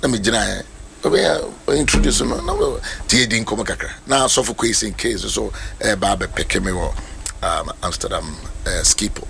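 A man preaches as a pastor, mixing Twi and English as he tells stories and puts on the voices of people he met. His delivery swings widely in pitch and carries a gravelly rasp. The tone is bright and forceful. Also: moderate pace, a little hiss or hum. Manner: animated storyteller, mixes Twi and English, acts out voices. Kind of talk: sermon talk on mentorship.

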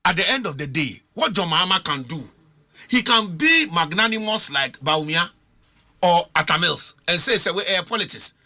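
A man's voice: high voice, sing-song, moderate pace, bright, forceful tone. A middle-aged Ghanaian man arguing as a panelist on a political talk show, emphatic and full of rhetorical questions. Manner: emphatic, argumentative, rhetorical questions, mixes languages.

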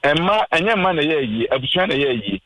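Family spokesman, male, from Ghana, slightly high voice; earnest, pleading radio guest. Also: big pitch swings, brisk, noisy background. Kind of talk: radio interview talk.

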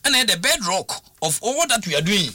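A man with a bright, forceful voice argues football like a radio pundit. His pitch swings widely and he stresses points hard, restarting and repeating words as he goes. Faint noise sits behind him. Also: very animated, brisk. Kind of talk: animated radio sports talk.

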